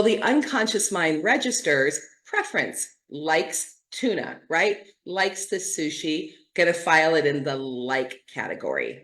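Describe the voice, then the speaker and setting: A middle-aged woman hosts a casual teaching talk in a somewhat low voice. She talks in an animated, lively way and jumps into playful quoted asides as she tells her story. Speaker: host.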